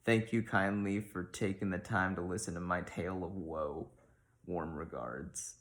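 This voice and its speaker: A man reading a letter aloud in the voice of a folksy Midwestern woman zookeeper, with homespun phrasing and a deadpan delivery. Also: sits low, measured pace.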